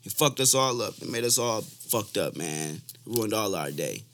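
A man's voice: lowish voice, expressive, normal speed, a bit bright, slight background noise. A young man hosting a casual podcast chat, loose and profane, joking and repeating himself as he talks. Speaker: podcast host.

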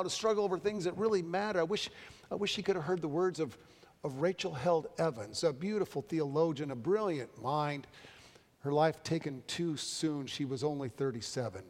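Pastor preaching in a reverberant church. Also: male voice, a little high. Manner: measured, repeats words as he builds phrases. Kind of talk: sermon. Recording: long reverb of a large hall.

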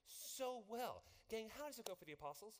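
A pastor delivers a sermon in a church, his pitch swinging widely as he keeps tossing questions out to the congregation. His voice rings through a large hall with a long reverb tail. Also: very fast. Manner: animated, asks the congregation questions.

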